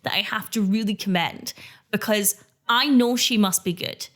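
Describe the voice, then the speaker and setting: A woman, co-hosting a podcast and recapping a TV episode in casual chat, playful and quick to laugh. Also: mid-range voice, fairly bright tone. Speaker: podcast co-host.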